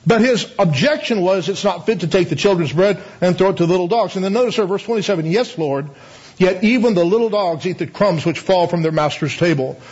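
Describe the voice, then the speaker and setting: A man with a high, slightly husky voice preaches a sermon. He talks to the congregation like a conversation, throws out rhetorical questions and chuckles as he goes. The recording sounds a little dull. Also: animated, a little fast, darkish tone.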